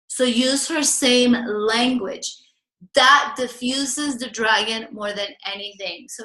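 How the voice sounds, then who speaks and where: Woman, relationship coach, earnest, acts out example lines, bright voice, roomy echo. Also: fairly high pitch, measured pace. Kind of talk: coaching talk to viewers.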